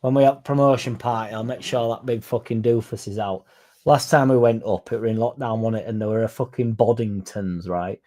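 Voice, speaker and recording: A man's voice: lowish voice, steady tone, a little fast, a little mellow. A young man with a Yorkshire accent, chatting casually as a fan channel host, swearing and joking like one of the lads. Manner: sweary, laddish and jokey. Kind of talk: casual chat.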